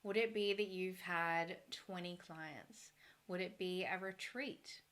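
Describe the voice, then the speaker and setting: A woman talking as a brand coach, earnest and encouraging, thinking aloud with a slightly hoarse voice. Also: fairly low pitch, slow pace, a bit bright. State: a little hoarse. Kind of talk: solo talk on branding.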